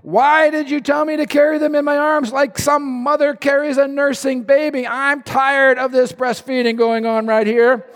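A man's voice: very high-pitched, gravelly, voice pushed up, full character voice. A preacher voicing an exasperated old male prophet who complains to God in a whiny, pleading, melodramatic rant.

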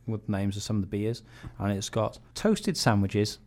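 A man's voice: lowish voice, monotone, a little fast, darkish tone. A man hosting a podcast, telling a comic anecdote in casual chat, laughing often and repeating his punchlines. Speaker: podcast host.

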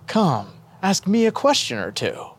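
A man voicing a gentle, affectionate young boy saint who speaks earnestly and kindly to an old friend. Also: a little high, very animated, measured pace, voice pushed up.

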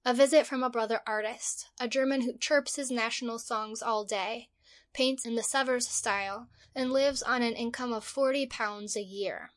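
A woman's voice: fairly high pitch, steady tone, moderate pace. Woman reading a comic diary dramatically. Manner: dramatic, mock-heroic delivery. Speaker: audiobook narrator. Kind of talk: scripted narration of a first-person diary.

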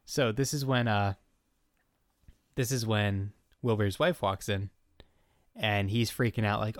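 A man's voice: on the low side, measured pace, long pauses, dry recording, clean studio sound. A man co-hosting a casual comedy podcast, recapping an episode in a joking, laid-back way.

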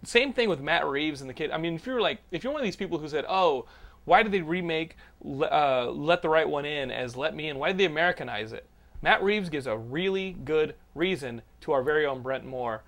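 Male podcast host, loose and excitable, curses freely, voice a bit on the high side. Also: fairly quick. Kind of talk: casual chat. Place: Los Angeles.

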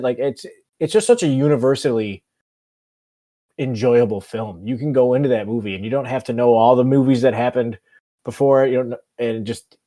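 A man's voice: mid-range voice, warm tone. A man in his thirties co-hosting a movie podcast, rambling in casual chat with many ums. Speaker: podcast co-host.

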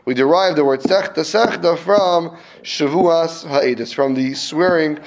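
A man with a fairly high speaking voice leads a casual Talmud class. He talks in a lively way, tosses questions to the room and acts out short scenes to make his point. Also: a little slow.

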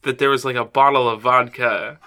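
Wry, bright-voiced woman podcast co-host. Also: a bass voice, steady tone, fairly quick. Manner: wry, mock-serious jokes. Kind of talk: casual comedic chat.

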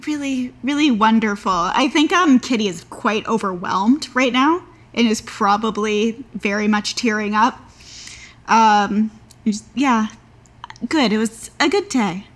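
A woman's voice: fairly high pitch, a little slow, fairly bright tone. A woman playing a tabletop game, talking hesitantly with many fillers. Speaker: player. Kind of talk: casual tabletop play.

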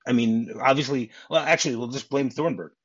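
A middle-aged man hosts a casual film podcast, husky and a bit breathy at a middle pitch. He rambles and restarts. The audio is dull and dry, like a home setup. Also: a little fast, dry recording. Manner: rambling, many restarts, chuckling asides. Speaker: podcast host. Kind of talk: casual film-discussion chat.

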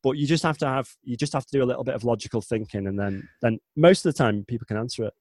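A man's voice: mid-range voice, very fast, darkish tone, no room sound. A man in his forties from the north of England with a Northern English accent, talking casually as an interview guest in a rambling way with many restarts. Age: 40s. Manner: chatty, rambling, frequent restarts and self-corrections. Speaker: guest, chatbot developer.

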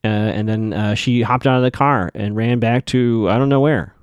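A man's voice: fairly low pitch, moderate pace, smooth, dry recording, dull audio. A man hosting a podcast, giving a casual, opinionated recap of a TV episode with skeptical asides. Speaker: podcast host.

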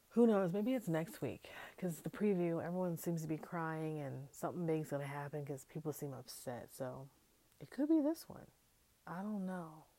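Podcast host, female, low and gravelly, loose chatty recap delivery, slips into whispers. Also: warm tone. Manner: chatty, slangy, laughs often, drops to whispers. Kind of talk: casual solo TV recap.

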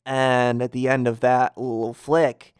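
A man's voice: mid-range voice, level tone, measured pace, clear, resonant tone, dry recording, clean studio sound. A man co-hosting a casual chat recapping a game, explaining the story with plenty of ums and wry asides. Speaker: podcast co-host.

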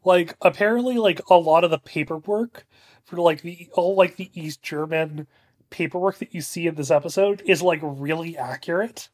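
A man co-hosting a podcast, chatting casually in a halting way with many fillers and restarts. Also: a little high. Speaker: podcast co-host. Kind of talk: casual chat.

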